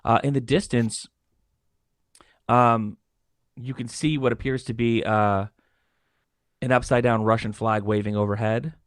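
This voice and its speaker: Hoarse male game master, halting narration, mid-pitched, dry recording. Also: fairly even intonation, no room sound. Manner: halting, many fillers and restarts. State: hoarse, losing his voice.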